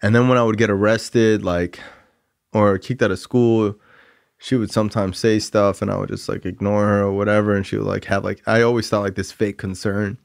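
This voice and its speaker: Gravelly low-voiced young man, rambling. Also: level tone, moderate pace, no echo, clean studio sound. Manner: rambling, frequent "like" and "um" fillers; candid and self-critical. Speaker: podcast host sharing recovery story. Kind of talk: casual storytelling monologue.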